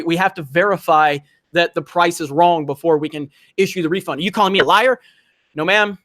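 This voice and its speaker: A man's voice: sits high, fairly bright tone, no room sound, studio quality. A man hosting a livestream, ranting animatedly in casual, profane chat. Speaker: livestream host.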